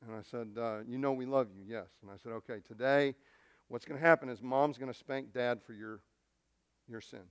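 A man's voice: mid-range voice, a little fast, clean tone, no echo, clean studio sound. A middle-aged male pastor preaching a sermon, telling a family story in an earnest, storytelling way with frequent restarts.

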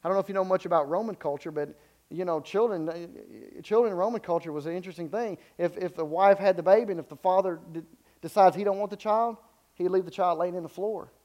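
Man, preacher, sermon, high voice, repeats and restarts, emphatic peaks. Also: fast talker, darkish tone, lo-fi sound.

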